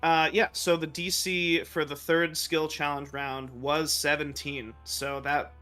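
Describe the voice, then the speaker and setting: A man's voice: on the high side, level tone, measured pace, pushed and bright, clean tone, soft background music. A man running a tabletop game as dungeon master, narrating with frequent laughs and fillers. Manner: laughing often, with fillers and restarts.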